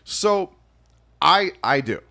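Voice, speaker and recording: A man's voice: a little high, big pitch swings, takes it slowly, creaky, bright, forceful tone, slight background noise. A man co-hosting a casual comedy podcast, joking crudely and slipping into mock-announcer asides. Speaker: podcast co-host.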